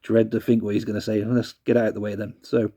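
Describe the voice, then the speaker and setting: A man's voice: on the low side, little pitch movement, fast talker, dark tone. A man casually rambling through a CD review, self-deprecating and apologetic. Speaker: vlogger reviewing a CD.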